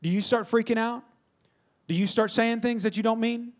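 High-voiced man preaching with lively storytelling. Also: normal speed. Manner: storytelling, animated, calls out to the congregation. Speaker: pastor. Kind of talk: sermon.

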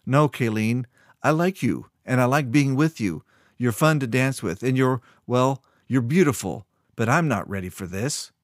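A man voicing a calm, confident young man from the countryside, earnest and steady. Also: mid-range voice, moderate pace, dry recording, clean studio sound, lightly acted. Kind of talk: audiobook character voice.

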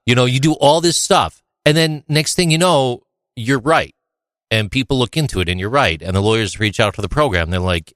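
A man's voice: mid-range voice, a little fast, fairly bright tone, no room sound, studio quality. A man hosting a podcast, talking enthusiastically in a rambling, teasing way while praising his guest. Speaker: podcast host. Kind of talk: casual podcast chat.

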